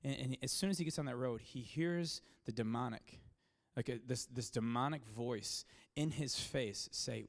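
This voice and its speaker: A man, a pastor, telling a story in a sermon. He talks casually with many fillers and restarts, and gets louder and more excited at the dramatic moments. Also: mid-range voice, normal speed, gravelly, hardly any pauses.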